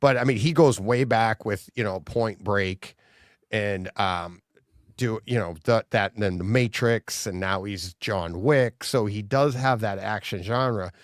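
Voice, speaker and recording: A man's voice: on the low side, a little slow, no room sound, clean studio sound. A man co-hosting a podcast in casual chat, rambling and laughing often. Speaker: podcast co-host.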